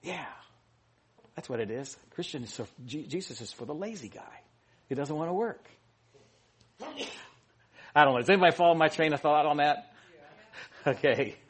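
Husky man giving a rambling, joking sermon. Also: a little high, expressive, normal speed, long pauses. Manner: rambling, joking and self-correcting, with many restarts and fillers. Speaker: pastor. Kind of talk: informal sermon.

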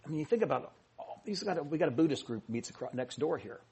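Husky man giving a rambling, joking sermon. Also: on the high side, animated, quick pace, a little mellow. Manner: rambling, joking and self-correcting, with many restarts and fillers. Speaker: pastor. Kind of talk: informal sermon.

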